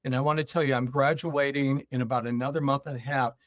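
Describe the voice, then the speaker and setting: A man's voice: mid-range voice, fast, no room sound. A man telling a personal story as a podcast guest, acting out both sides of a remembered conversation. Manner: animated retelling, acting out both sides of a dialogue. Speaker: guest speaker.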